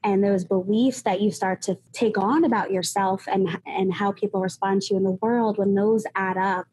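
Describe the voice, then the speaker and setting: A woman's voice: mid-range voice, steady tone, moderate pace, darkish tone, a little hiss or hum, rough recording. A woman with a mid-range voice talks as a guest therapist in a podcast interview. She explains at length and fills her talk with "like" and "you know".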